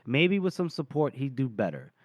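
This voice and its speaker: A man's voice: medium pitch, sing-song, moderate pace, dry recording. A man voicing a nervous young officer who talks hesitantly and pleads. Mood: pleading.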